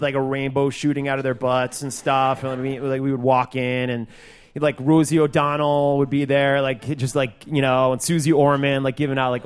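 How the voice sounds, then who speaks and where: A man's voice: medium pitch, clean tone. A man doing stand-up comedy, rambling and giggly, full of fillers.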